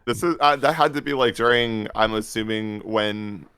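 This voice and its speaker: Low, smooth-voiced man chatting on a podcast. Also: moderate pace, dry recording, clean studio sound. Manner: rambling, animated storytelling with laughs. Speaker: podcast co-host. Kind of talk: casual chat.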